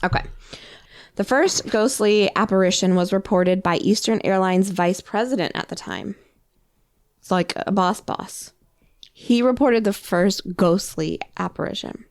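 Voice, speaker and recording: A woman's voice: medium pitch, unhurried, dry recording, studio quality. A woman co-hosting a podcast, casually retelling a story with many fillers. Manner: relaxed, filler-heavy retelling. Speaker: podcast co-host.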